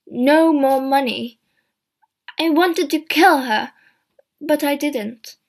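A woman voicing a tearful grown daughter who bursts out loudly, high and emotional. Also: slow. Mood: confessing. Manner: loud, high, emotional outbursts.

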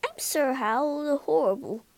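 A woman puts on a timid little ghost knight from a storybook. He speaks faintly, half whispering, and pleads rather than frightens. His voice sits high and rises and falls a lot. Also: lively intonation, unhurried, no echo. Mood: pleading.

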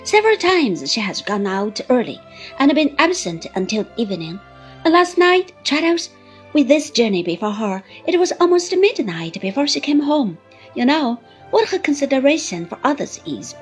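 A woman's voice: high-pitched, big pitch swings, moderate pace, faint music behind, voice pushed up. A woman doing an earnest young man. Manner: quiet, earnest. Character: grave young male narrator-hero.

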